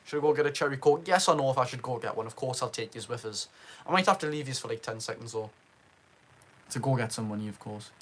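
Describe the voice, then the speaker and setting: A man's voice: mid-range voice, fast, fairly bright tone. A young man with a Geordie accent, hosting a casual live stream from home, chatting to viewers and reading out names from the chat. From Northeast England. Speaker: livestream host.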